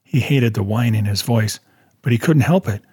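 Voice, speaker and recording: A male audiobook narrator with a steady storytelling delivery. His voice is slightly husky at a middle pitch, recorded dry and close. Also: normal speed, no echo. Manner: steady storytelling, voicing characters.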